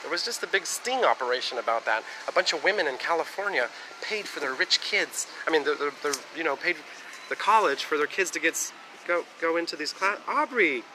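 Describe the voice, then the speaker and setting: A man's voice: on the high side, animated, a little fast, noisy background. A man from the United States talking on a live stream in a rambling, casual monologue that jumps between topics and swears freely.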